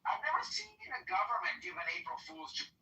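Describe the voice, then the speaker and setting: High-voiced chatty man, distant echo. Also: wildly swooping pitch, quick pace, sharp tone, slight background noise. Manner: rambling, chatty. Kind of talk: casual chat on a voice chat app. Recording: echoey and distant.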